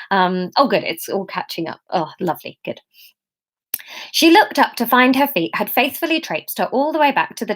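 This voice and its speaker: Lively woman reading her story. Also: medium pitch. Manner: chatty, with comic asides and self-corrections. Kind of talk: unscripted-feeling serial story reading.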